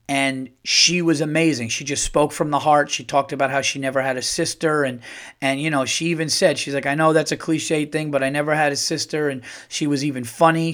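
Middle-aged guy hosting a podcast, kinda high voice, rambling story w/ lots of swearing and restarts. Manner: animated, swearing, repeats words and restarts. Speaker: podcast host. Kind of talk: casual storytelling.

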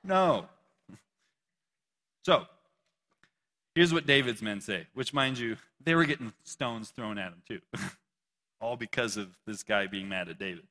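Man, casual preacher, bright voice, slow dramatic scripture reading, long hall reverb. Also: medium pitch, animated. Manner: conversational, reads scripture slowly and dramatically, frequent laughs and "right?".

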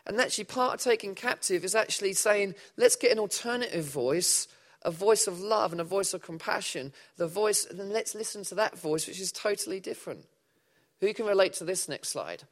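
Animated man preaching. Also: high-pitched, moderate pace. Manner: animated, conversational preaching with audience questions. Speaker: pastor. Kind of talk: sermon.

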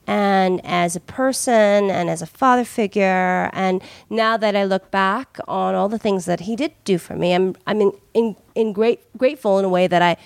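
A woman's voice: medium pitch, normal speed, creaky, few pauses, clear, resonant tone, no echo. A woman comedian in casual podcast chat, rambling with many "like"s. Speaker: comedian guest.

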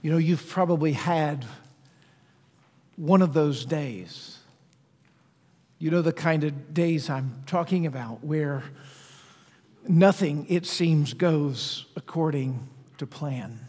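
A man preaching a sermon, praying and then telling a personal story in a relaxed way with frequent restarts. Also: on the high side, slow, long pauses. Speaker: pastor. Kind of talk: sermon with prayer and personal anecdote. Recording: long reverb of a large hall.

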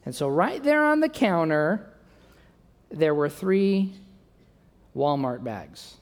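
A young adult man preaching a sermon, telling a self-mocking story and acting out the dialogue with lively energy. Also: on the high side, takes it slowly. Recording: long reverb of a large hall.

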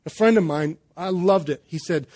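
At normal speed, a pastor whose voice is a little high and darkish delivers a sermon during a church service. He talks in a relaxed, conversational manner, cracking jokes and often restarting, with plenty of fillers.

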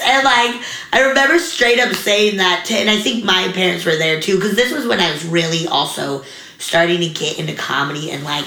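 Chatty young woman, bright roomy sound. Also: fairly low pitch, fairly quick. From US mountain region. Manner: chatty, many likes, animated quoted voices. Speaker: guest comedian. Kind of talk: casual interview storytelling. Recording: roomy echo.

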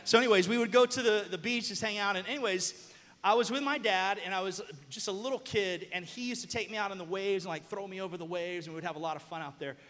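Young male preacher from the American South, high and bright, animated storyteller who breaks into shouts. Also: fast. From southern United States. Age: young adult. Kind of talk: sermon. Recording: long hall reverb.

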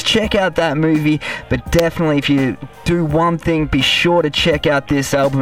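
A man's voice: a little high, far from the mic. An Australian man hosting a podcast, interviewing a guest in an upbeat, casual way. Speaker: podcast host.

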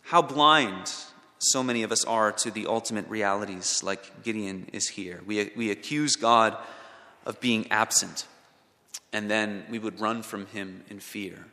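A male preacher delivering a sermon, swinging from loud emphatic peaks to hushed low passages. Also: a little slow. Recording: long reverb of a large hall.

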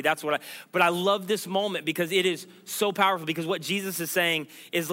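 A pastor preaching an earnest sermon. His voice sits high for a man and rings bright and forceful. He pleads with his listeners and builds to emphatic declarations. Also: moderate pace, hardly any pauses.

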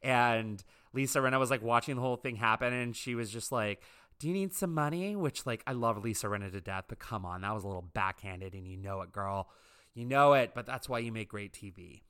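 Male commentator, gossipy and opinionated, crisp and bright. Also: on the low side, steady tone, brisk. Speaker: reality TV commentator. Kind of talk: casual commentary monologue.

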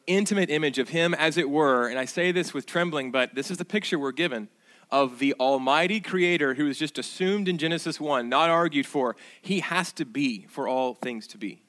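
A male pastor delivering a sermon in a mid-pitched voice. He talks to his listeners with asides and questions. His delivery swings from loud emphatic bursts to hushed, reverent murmurs.

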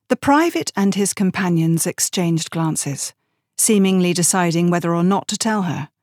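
Woman narrating an audiobook, low dry voice. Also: animated, unhurried, no room sound. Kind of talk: scripted narration.

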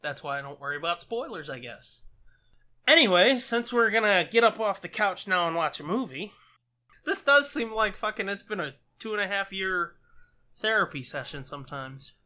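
A man's voice: sits high, expressive, moderate pace, sharp tone. A man co-hosting a movie commentary, telling rambling, profane stories in casual chat. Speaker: podcast co-host.

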